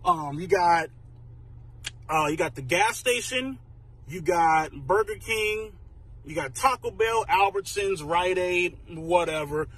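A man's voice: high voice, slow pace, a bit bright, slight background noise. A man ranting to the camera in short clips, crude and brash, swearing constantly. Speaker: social media personality.

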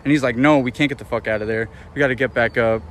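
A man's voice: mid-range voice, fairly even intonation, fast talker, a bit bright, slight background noise. A man hosting a casual, profane, rambling movie review outdoors. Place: outdoors in an urban area.

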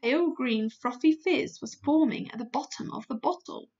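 A woman teacher reading a children's book aloud, slow and expressive. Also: high voice, dull audio. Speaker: primary school teacher.

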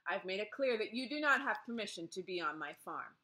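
A woman's voice: mid-range voice, expressive, fairly quick, pushed and bright, a little hiss or hum. Stiff aristocratic older lady, imperious and exasperated, voiced by a woman narrator. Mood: stiff, cool.

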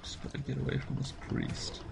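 Gravelly young man hyped on his gameplay. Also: medium pitch, a little fast, a little hiss or hum. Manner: excitable, shouts when he scores kills, mutters tactics. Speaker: gamer commentating his own match. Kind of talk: excited live gameplay commentary.

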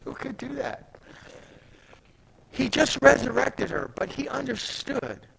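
Male preacher, raspy fry, slight background hiss; retells scripture casually, then punches key words loudly. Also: very high-pitched, slow pace, poor audio. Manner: animated, swings from soft asides to loud emphatic peaks; conversational, retells scripture in everyday speech. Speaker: pastor. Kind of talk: sermon.

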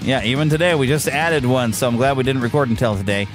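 Speaking into a podcast microphone with faint music behind him, a man hosts a casual chat show. His mid-range voice moves quickly, rambling and upbeat, with plenty of fillers and restarts.

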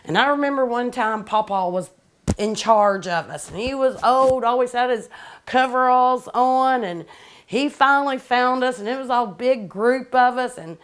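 A woman's voice: on the high side, moderate pace. A middle-aged woman, hosting a cooking show and chatting casually, repeating herself as she tells family stories. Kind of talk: casual storytelling to camera.

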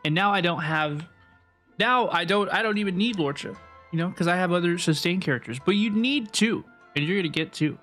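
A man's voice: sits high, fairly quick, fairly bright tone, soft background music. A young man streaming a game, talking casually to his chat in a rambling, repetitive way. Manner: rambling, chatty, repeats himself. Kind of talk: casual live game commentary.

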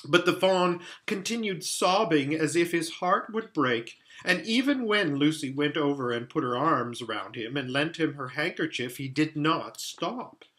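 Expressive man reading a storybook. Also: fairly high pitch, measured pace, hardly any pauses. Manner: expressive, dramatic. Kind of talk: reading a children's book aloud.

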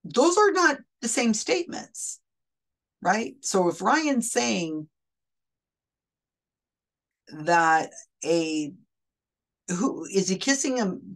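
A woman commenting analytically on a recorded psychic reading, explaining and restating quotes in a picky, careful way. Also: fairly low pitch. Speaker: skeptic commentator.

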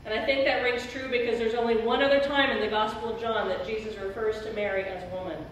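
A woman's voice: a little high, steady tone, quick pace, a little hiss or hum. A middle-aged woman pastor preaching an earnest, emphatic sermon in a church sanctuary. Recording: very echoey church hall, speaker far from mic.

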